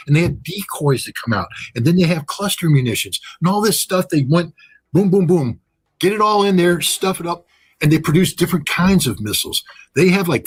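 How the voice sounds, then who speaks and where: Husky, blunt-talking male analyst. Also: on the high side. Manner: blunt, sarcastic, jokey. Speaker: guest analyst. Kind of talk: animated interview commentary.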